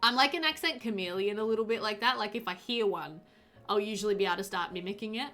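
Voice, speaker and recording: A woman's voice: mid-range voice, fast talker, bright, forceful tone, soft background music. Giggly, chatty woman streamer. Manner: giggly, chatty, talks to chat. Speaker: game streamer. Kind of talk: casual game-stream chat.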